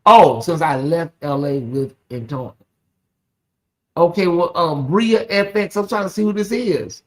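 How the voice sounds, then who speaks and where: Chatty livestream host, casual gossip talk, reads chat aloud, jumps into loud, high bursts when excited. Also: a little slow. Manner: chatty, reads viewer comments aloud, talks straight to the audience.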